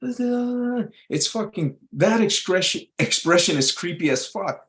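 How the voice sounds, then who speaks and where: A man's voice: sits high, lively intonation, normal speed, fairly bright tone. A man hosting a show, giving blunt, profane advice in a casual rant, often asking "you know what I mean". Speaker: show host.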